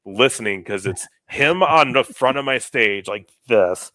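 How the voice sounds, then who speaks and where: A man's voice: mid-range voice, a little slow, dry recording. A young man casually telling a story on a podcast, acting out the people he quotes, on a close mic. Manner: animated, acts out quoted people. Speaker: podcast co-host.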